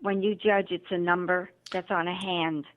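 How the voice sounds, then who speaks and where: A tinny phone connection carries the voice of a woman on the low side, speaking at normal speed. As an author and motivational speaker being interviewed, she tells her story animatedly and acts out the dialogue.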